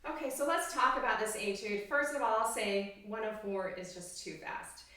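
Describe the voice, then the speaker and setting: A woman's voice: on the high side, moderate pace, pushed and bright. A woman oboe professor giving an encouraging, upbeat music lesson and singing rhythms aloud to show phrasing. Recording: very echoey room, distant mic.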